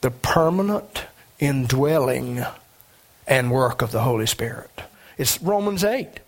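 A man preaching a sermon as a pastor, emphatic, with sudden rises in pitch. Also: lively intonation, unhurried.

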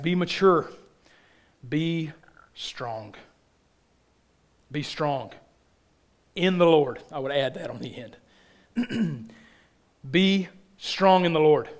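A man preaching a sermon in a church, earnest and repetitive, often dropping soft at the ends of phrases. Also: on the high side. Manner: earnest, repeats phrases for emphasis, drops soft at line ends.

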